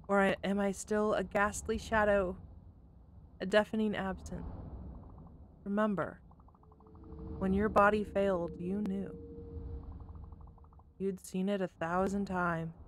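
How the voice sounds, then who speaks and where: A gentle, ageless spirit of death speaks in a hushed, solemn murmur, as a woman reads its lines from a video game. The delivery is slow and quiet, with each phrase given room to settle. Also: medium pitch, slight background noise, natural voice. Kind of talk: reading game dialogue aloud.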